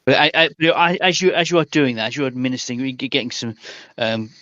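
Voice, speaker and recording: Man, game master, halting and hesitant, dry close sound, slightly dull call audio. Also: mid-range voice, bright, forceful tone, no echo. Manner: hesitant, full of ums and rule checks. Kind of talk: narrating a tabletop game. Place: home, online call. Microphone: voice call headset.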